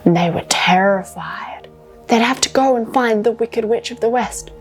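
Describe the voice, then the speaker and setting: A woman's voice: a little high, moderate pace, faint music behind. A woman coaching children through yoga poses while telling a story, encouraging and instructive.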